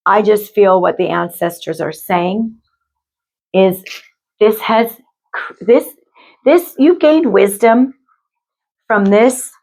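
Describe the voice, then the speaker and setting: Slow, gentle woman giving a spiritual reading. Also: medium pitch, vocal fry, low-quality recording. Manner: slow, gentle, emotional, addresses viewers as you guys. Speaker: spiritual reader. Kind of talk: intuitive card reading for viewers.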